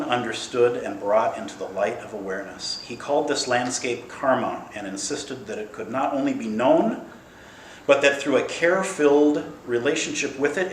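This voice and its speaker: A man giving a playful, emphatic dharma talk as a Zen teacher, swinging between loud bursts and soft, slow passages. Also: mid-range voice, slight background noise. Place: meditation hall at a Zen center. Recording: roomy hall with faint ambience.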